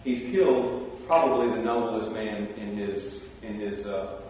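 A man giving a sermon, telling the story in a conversational way with animated asides. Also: fairly low pitch, a little slow, slight background noise. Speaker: preacher. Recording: roomy hall, distant mic.

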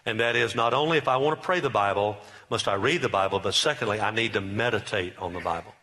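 Middle-aged male pastor, bright voice, emphatic repetitive sermon delivery. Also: lowish voice, fast talker. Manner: emphatic, repetitive preaching with rising bursts.

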